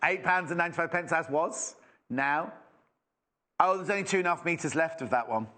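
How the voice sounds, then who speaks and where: A man's voice: fairly high pitch, moderate pace, pushed and bright. A man presenting fabrics live on a shopping channel, chatty and rambling as he exclaims over each one. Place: TV shopping studio.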